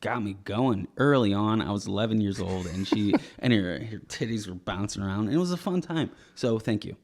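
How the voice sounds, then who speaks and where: A man's voice: on the low side, lively intonation, a little fast, a little mellow. A young man on a podcast, telling a rambling comedic story, laughing often and acting out the voices of people in it. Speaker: podcast co-host.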